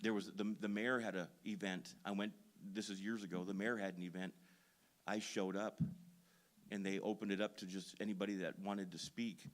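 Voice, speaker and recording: A man from Minnesota preaching a sermon in a storytelling, self-deprecating way, building to loud emphasis at times. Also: lowish voice, flat delivery, moderate pace. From Duluth, Minnesota. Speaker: pastor. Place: church sanctuary.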